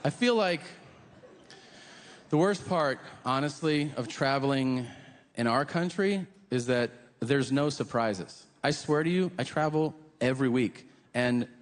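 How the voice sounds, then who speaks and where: A man doing a stand-up comedy set, profane and mocking, often slipping into the voices of the people he describes. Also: mid-range voice. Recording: live hall recording with reverb.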